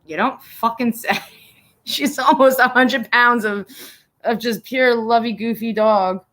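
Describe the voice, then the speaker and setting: A woman's voice: fairly high pitch, fairly even intonation, measured pace, a bit bright. A woman hosting a casual livestream from home, talking bluntly with a lot of swearing, laughing often and turning emotional and teary at times. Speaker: livestream host.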